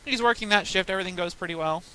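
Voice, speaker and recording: A woman's voice: lowish voice, racing, sharp tone, a little hiss or hum, poor audio. A young woman in casual chat while playing a game, telling rambling stories with frequent laughs. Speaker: gaming podcaster.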